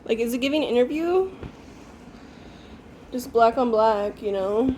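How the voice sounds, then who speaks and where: Young female vlogger, nervous, higher voice, casual and self-deprecating, light background noise. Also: animated, a little slow, darkish tone. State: nervous before a job interview. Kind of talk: casual vlog chat to camera. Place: at home.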